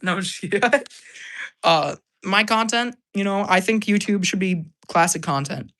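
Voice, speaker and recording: A hyper man chatting on a casual live stream, his voice bright and slightly hoarse. He answers viewer questions quickly and laughs often. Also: high voice.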